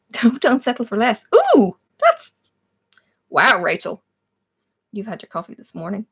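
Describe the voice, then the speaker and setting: A woman's voice: medium pitch, moderate pace, creaky, bright, forceful tone, husky. Chatty Australian woman host; rambling, easy live-chat delivery with frequent laughter, a bit muffled. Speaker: livestream host. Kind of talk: casual chat with live viewers.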